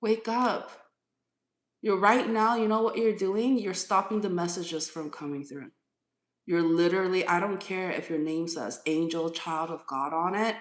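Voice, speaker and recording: A woman tarot reader on a live stream, firmly lecturing a commenter and repeating her points. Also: fairly low pitch. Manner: firm, lecturing, repeats herself. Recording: echoey room.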